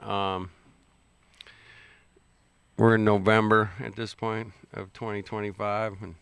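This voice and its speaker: A man's voice: lowish voice, little pitch movement, takes it slowly, creaky, fairly bright tone, clear, resonant tone, dry recording. A man rambling casually and swearing freely as he reacts to clips and chats to his viewers. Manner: rambling, swearing, laid-back. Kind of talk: casual profane chat.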